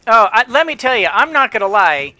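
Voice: mid-range voice, very animated, brisk, sharp tone, dry recording. A gamer giving casual gameplay commentary, rambling with frequent restarts and chuckling to themself. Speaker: let's play gamer.

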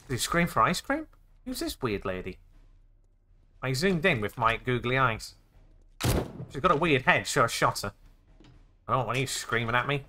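A young man playing a zombie game, excitable and jokey, narrating his actions with "I said". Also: medium pitch, moderate pace, pauses often, a little hiss or hum. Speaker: gaming YouTuber.

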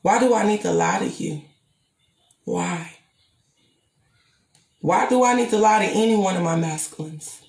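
A woman's voice: mid-range voice, unhurried, vocal fry, long pauses, darkish tone, roomy sound. A woman in a confrontational, profane vlog rant, taunting a rival and addressing her viewers. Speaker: vlogger.

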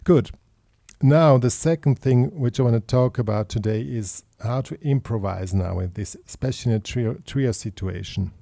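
A man's voice: mid-range voice, normal speed, creaky, mellow, no echo, clean studio sound. A man giving a guitar lesson, patiently explaining step by step in simple phrasing. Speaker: guitar teacher. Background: guitar playing and backing track.

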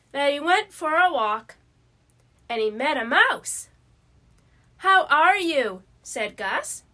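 A woman reading a children's story aloud in a slow, careful way. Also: high-pitched, sharp tone.

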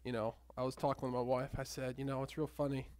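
A man's voice: medium pitch, level tone, fast, darkish tone, no echo. A man, a pastor, making casual, teasing remarks in church and laughing easily. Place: church sanctuary.

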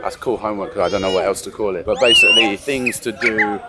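A father chatting casually in a family vlog, rambling loosely with lots of fillers, outdoors by a football pitch. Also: fast talker, heavy background noise.

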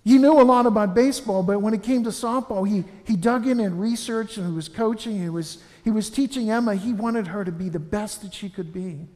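A man delivers a funeral homily in a church, earnest and anecdotal, often stumbling and restarting his words. His voice sits high for a man, and it rings out with long reverb from the church. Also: fairly quick, few pauses, warm tone.

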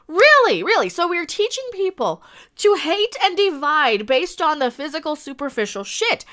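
Brief: exasperated woman, high sharp voice, angry swearing rant. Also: big pitch swings, moderate pace. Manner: angry, exasperated ranting with heavy swearing and repetition. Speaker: YouTube commentator. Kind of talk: ranting commentary video.

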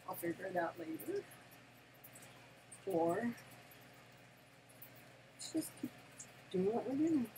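An older woman and grandmother chatting casually through an unboxing, gushing and excitable, laughing often and squealing with delight at home. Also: mid-range voice, slow, pauses often, a little hiss or hum, rough recording. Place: home, near her desk.

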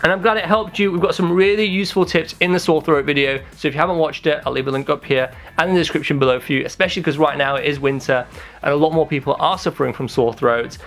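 A young man who works as a pharmacist, answering viewer comments in an upbeat, energetic, casual way. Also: on the high side, fast talker, faint music behind. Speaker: pharmacist host. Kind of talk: casual YouTube comment-response chat.

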